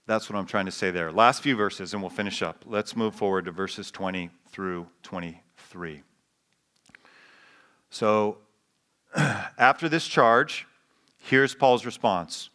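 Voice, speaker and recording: Playful preaching man, mid-pitched voice. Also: expressive, fairly bright tone. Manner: playful, joking asides with the congregation; reads scripture slowly with emphasis. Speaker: pastor. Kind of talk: sermon. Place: church sanctuary with live congregation.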